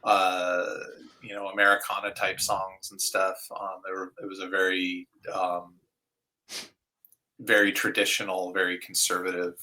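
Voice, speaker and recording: A middle-aged man, a guest vocalist, chatting casually in an interview, relaxed, with many fillers and soft trailing phrases. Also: low-pitched, unhurried, poor audio.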